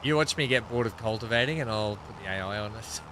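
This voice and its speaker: A man's voice: fairly low pitch, fast talker, sharp tone, a little hiss or hum. A man hosting a live gaming stream, chatting casually and greeting viewers by name as he plays. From Australia.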